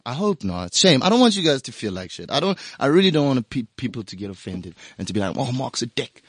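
A man's voice: medium pitch, sing-song, fast talker, no echo, clean studio sound. A man co-hosting a radio talk show, bantering casually and laughing a lot. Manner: laughs a lot, loose and joking. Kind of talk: casual banter and freestyle rap.

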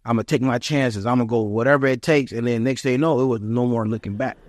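A young man, a former football player, telling lively stories in an interview and acting out what family and fans said. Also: mid-range voice, fast, no echo, studio quality. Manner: animated, acts out quotes of family and fans. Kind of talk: storytelling interview.

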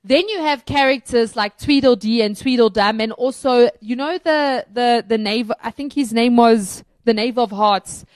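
A woman's voice: a little high, unhurried, few pauses, dry recording. A woman chatting casually and enthusiastically as co-host of a film review, with lots of fillers and restarts. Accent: South African.

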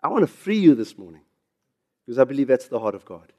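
South african guy preaching, gets loud and animated, chuckles between points. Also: mid-range voice, fast. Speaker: pastor. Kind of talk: sermon.

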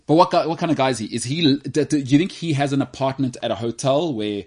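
A man's voice: mid-range voice, quick pace, darkish tone. A man hosting a casual sports chat, rambling and teasing his co-host with jokes. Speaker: podcast host.

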